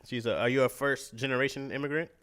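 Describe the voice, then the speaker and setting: A man's voice: mid-range voice, fast. A young man co-hosting a podcast in casual chat, telling stories with jokes and laughs. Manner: joking, animated storytelling. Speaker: podcast co-host.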